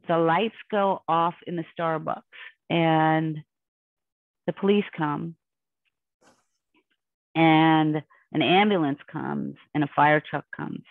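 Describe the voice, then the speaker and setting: A woman's voice: low voice, vocal fry, no echo. A woman guest in an interview, telling a personal story in an intense, rambling, emotional way over a remote call. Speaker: podcast guest. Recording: dry, tinny phone-line sound.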